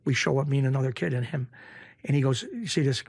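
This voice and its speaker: A man's voice: fast talker, gravelly, husky. A middle-aged man with a Western Massachusetts accent tells stories in a casual interview. He often acts out other people's lines in a raised voice. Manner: animated, acts out quoted voices in a raised pitch. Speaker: interview guest, former bookmaker.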